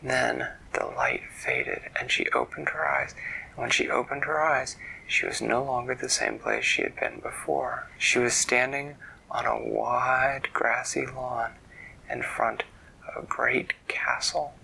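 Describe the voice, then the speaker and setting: A man telling an improvised bedtime story in a soft, hushed voice, stopping to explain words. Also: medium pitch, big pitch swings, measured pace, vocal fry, a little hiss or hum, poor audio.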